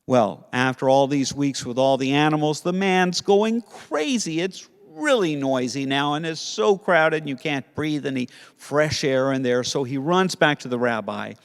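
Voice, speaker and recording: A man teaching Sunday school to kids, telling a story in a playful, animated way. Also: on the high side, a little slow, few pauses, clear, resonant tone, big-room sound. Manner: playful, animated storytelling with put-on character voices.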